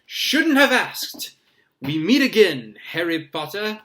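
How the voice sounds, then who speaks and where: A man reading aloud, voicing a vain, flamboyant teacher who speaks in a booming, jovial and self-important way. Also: animated, unhurried, a bit bright.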